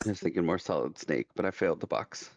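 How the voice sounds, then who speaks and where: A man's voice: low voice, quick pace, dry recording. A man playing in a tabletop role-playing game who speaks in a plain, matter-of-fact way. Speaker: player. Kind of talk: casual tabletop play. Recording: muffled lo-fi mic.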